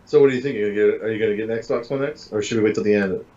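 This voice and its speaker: A man co-hosting a casual gaming chat, self-deprecating and quick to laugh. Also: on the low side, warm tone, muffled recording. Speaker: co-host. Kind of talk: casual game news chat.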